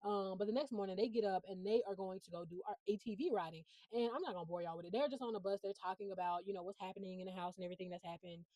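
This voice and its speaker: A woman's voice: mid-range voice, racing, hardly any pauses, mellow, dry recording, rough recording. A young woman recapping a reality show in casual chat, blunt and profane with lots of fillers.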